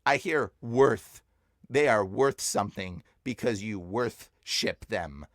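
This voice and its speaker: A young man on a podcast telling a personal story with lots of excitement, his voice jumping up whenever he quotes himself. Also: lowish voice, takes it slowly, no room sound, clean studio sound. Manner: excitable, voice jumps up when quoting himself. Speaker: podcast guest.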